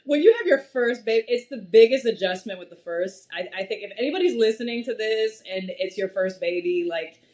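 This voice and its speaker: Woman guest, 30s, animated storyteller who laughs a lot, mid-pitched everyday voice. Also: a little fast, hardly any pauses. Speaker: podcast guest. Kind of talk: casual conversation.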